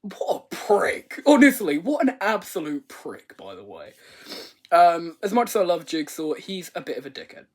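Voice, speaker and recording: A man's voice: on the high side, big pitch swings, moderate pace. A man giving a rambling, comedic movie review rant, swearing and exaggerating. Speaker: video reviewer.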